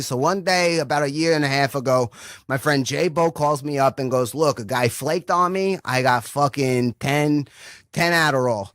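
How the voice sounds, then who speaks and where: A man's voice: mid-range voice, no room sound, studio quality. A man telling a long, crude comic story, rambling and profane, checking in with "right?" again and again.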